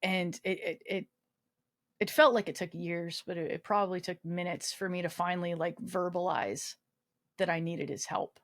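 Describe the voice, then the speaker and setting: A woman's voice: fairly low pitch, fairly even intonation, moderate pace. A woman in her twenties, a guest on a podcast, telling a personal story candidly with self-mocking humor, swearing and lots of fillers. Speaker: podcast guest, army veteran.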